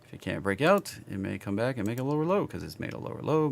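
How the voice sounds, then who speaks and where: A man's voice: medium pitch, very animated, fast, vocal fry. A man with a Southern accent, casually reading stock charts on a live stream and chatting with viewers.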